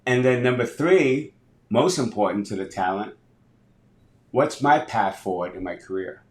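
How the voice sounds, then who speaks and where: Energetic older man, roomy sound. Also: on the low side, a little slow. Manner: energetic storyteller who acts out dialogue. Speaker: guest, business advisor and speaker. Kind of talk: podcast interview. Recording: roomy echo.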